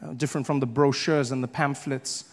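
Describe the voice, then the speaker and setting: A man with a South African accent performing stand-up comedy, telling family stories in an animated way and acting out the people in them. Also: medium pitch, brisk, a little hiss or hum. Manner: animated storytelling, acts out his family members.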